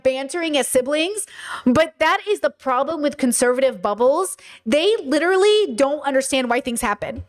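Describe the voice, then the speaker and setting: A woman hosting a podcast in a casual monologue, animated and blunt, swearing freely and often restarting her sentences. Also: high voice. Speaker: podcast host.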